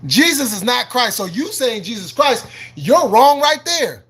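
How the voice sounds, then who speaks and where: A man's voice: very high voice, big pitch swings, measured pace, a bit bright, breathy edge. A man hosting a live stream, arguing combatively with chat, swearing, repeating himself and laughing between points. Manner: preachy and argumentative, quoting scripture. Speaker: livestream host.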